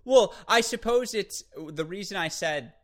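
A man co-hosting a tennis podcast, talking energetically in long runs with quick restarts. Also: sits high, lively intonation. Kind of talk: casual sports chat.

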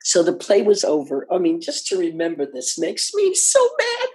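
An older actress telling anecdotes in an interview, animated and laughing often as she acts out what others said. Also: lowish voice, moderate pace, husky.

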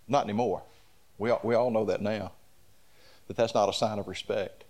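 A man's voice: fairly low pitch, steady tone, moderate pace, darkish tone. A man preaching a sermon, telling stories in a folksy way and building to fervent emphasis. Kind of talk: sermon storytelling.

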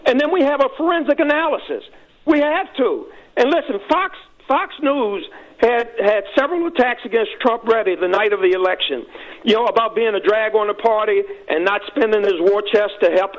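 Heated male radio caller, very high voice, muffled lo-fi phone line, rushed and repetitive. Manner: rushed, fired-up, repetitive restarts. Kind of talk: phoned-in call to talk radio.

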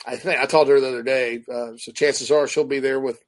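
A man co-hosting a sports show, talking in a relaxed, hesitant way. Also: medium pitch, fast. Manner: hesitant, relaxed, repeats himself. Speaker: sports talk show co-host. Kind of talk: casual sports chat.

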